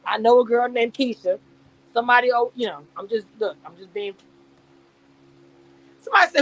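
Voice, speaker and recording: Speaking at normal speed with frequent pauses, this woman has a slightly high voice. She hosts a casual YouTube live stream about a reality show cast, reading the chat out loud and reacting with plenty of laughter and tangents.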